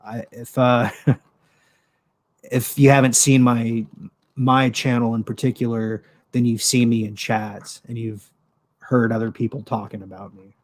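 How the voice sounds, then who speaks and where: A man's voice: mid-range voice, level tone, unhurried. A man hosting his own show on a livestream, talking casually in a rambling, profane way with lots of fillers, into a desktop microphone with a pop filter. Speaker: show host. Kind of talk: casual solo commentary.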